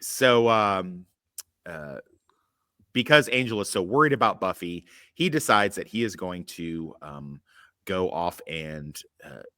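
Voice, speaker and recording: Low-voiced guy hosting a podcast, rambly, lots of ums, swears a bunch, kinda sarcastic, dry close sound. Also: expressive, slow pace, pushed and bright, dry recording. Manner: rambling, hesitant, with many fillers and frequent swearing. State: occasional coughing from allergies. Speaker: podcast host. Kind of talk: casual chat.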